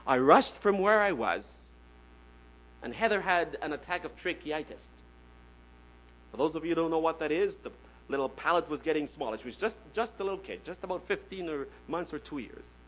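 Preacher: a man with a notably high voice, drops to a hush then swells loud, repeats key phrases. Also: lively intonation, moderate pace, slight background noise, low-quality recording. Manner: swings from hushed to loud, repeats phrases for emphasis; addresses listeners as "my friends". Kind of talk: sermon.

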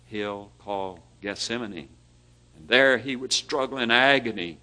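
A man preaching a sermon, asking his listeners questions, lifting his voice for emphasis and letting phrase ends fall very soft. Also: on the low side. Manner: dynamic, rising for emphasis and dropping to near-whispers at phrase ends; asks the listeners rhetorical questions.

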